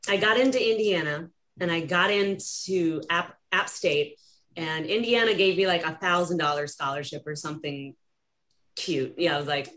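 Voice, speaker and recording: A woman's voice: on the low side, normal speed, a bit bright. A woman hosting a podcast, telling stories casually, laughing often and acting out the voices she quotes. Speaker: podcast host. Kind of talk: casual conversational storytelling.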